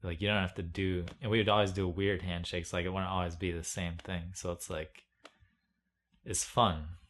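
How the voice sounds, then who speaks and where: A man's voice: low-pitched, level tone, moderate pace, a bit bright, slight background noise. A young man rambling in a casual monologue, meandering and self-mocking, full of "like"s. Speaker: video blogger.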